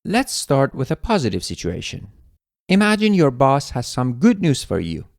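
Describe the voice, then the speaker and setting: A man teaching an English lesson, explaining phrases in a clear, deliberate way. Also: medium pitch, huge pitch swings, dry recording, clean studio sound. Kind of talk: scripted language lesson.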